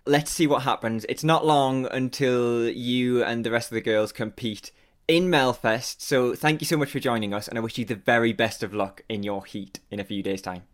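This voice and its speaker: A man's voice: medium pitch, steady tone, moderate pace. A man hosting a podcast, interviewing a guest and then chatting with his co-host, with easy laughter.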